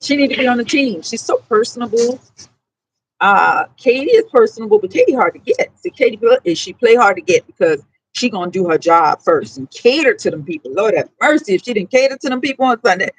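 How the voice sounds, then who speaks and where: A woman's voice: fairly high pitch, very animated, brisk, husky, low-quality recording. A woman with a New Orleans accent, talking bluntly and profanely in a rambling livestream monologue. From New Orleans, USA.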